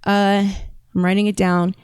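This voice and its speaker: Rambling and filling gaps as she thinks aloud, a woman hosting a podcast scrolls through and reads comments in a casual chat, her accent shifting between a British-tinged and a Southern sound. She talks at a moderate pace with flat delivery, her medium-pitched voice a little mellow and clean, without room sound.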